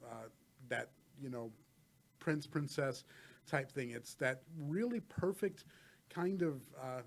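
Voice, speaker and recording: Male podcast co-host, slightly higher voice, meandering and searching for words. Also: darkish tone. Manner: rambling, many fillers and restarts. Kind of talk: casual film discussion.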